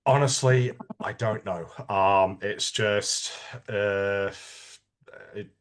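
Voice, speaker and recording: A middle-aged Australian man speaks in a somewhat low voice as an interview guest. He tells his stories haltingly, restarting phrases often, and chuckles along the way. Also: steady tone. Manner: halting, many restarts, laughs while telling stories. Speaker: guest, army veteran. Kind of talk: casual storytelling interview.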